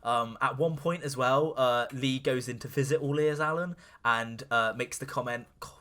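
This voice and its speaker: A young man co-hosting a podcast in casual chat, animated and acting out scenes. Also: medium pitch, normal speed. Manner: animated, acts out scenes with voices. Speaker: podcast co-host.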